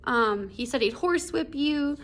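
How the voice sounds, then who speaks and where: Brief: upset young girl, high and pleading, read aloud by a woman teacher. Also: animated, measured pace, fairly bright tone, heavily acted.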